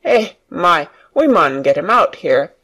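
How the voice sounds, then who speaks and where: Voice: medium pitch, lively intonation, moderate pace. A reader doing a cheerful country farm boy. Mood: eager. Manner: broad country dialect, eager. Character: cheerful Yorkshire farm boy, nature-loving. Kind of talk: audiobook reading for learners.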